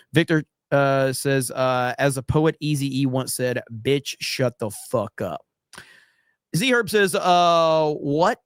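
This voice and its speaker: A man's voice: on the high side, no room sound, studio quality. A man hosting a casual livestream, reading viewer comments aloud with jokes and frequent fillers. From USA. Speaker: livestream host reading chat.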